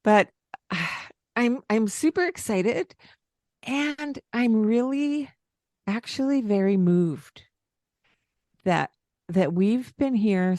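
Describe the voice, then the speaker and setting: A woman's voice: mid-range voice, no echo, studio quality. A woman in her sixties, a parent coach hosting a podcast, talking in a heartfelt, tearful way, sometimes dropping to a near whisper. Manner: warm, tearful, soft-spoken at times. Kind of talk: casual heartfelt chat.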